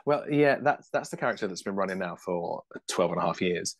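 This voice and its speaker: Lively British man, lowish voice. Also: no room sound. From United Kingdom. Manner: animated, laughs often, quick restarts. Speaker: puppeteer guest. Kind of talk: casual interview chat.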